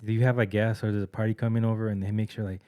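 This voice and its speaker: A young man co-hosting a podcast, slangy and animated, acting out people in his stories. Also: fairly low pitch, racing. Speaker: podcast co-host. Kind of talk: casual chat.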